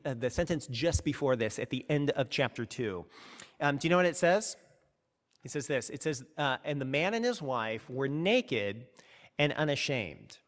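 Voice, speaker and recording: A man's voice: high voice, a bit bright, long reverb tail. A man preaching a sermon as pastor, earnest and emphatic, often restarting his sentences.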